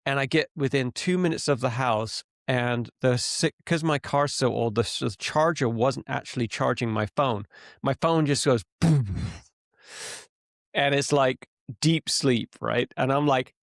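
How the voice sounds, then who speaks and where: Gravelly-voiced man telling stories casually. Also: medium pitch, measured pace, no room sound, clean studio sound. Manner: animated storyteller, acts out his own frustration. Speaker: podcast co-host. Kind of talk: casual conversation. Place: living in rural Canada.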